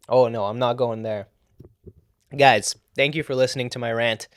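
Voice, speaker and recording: A man's voice: mid-range voice, fairly even intonation, moderate pace, dry recording, studio quality. A young adult man, a comedian, ranting alone on his podcast in a put-on New York accent, profane and sarcastic, laughing at his own jokes. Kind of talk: solo podcast rant.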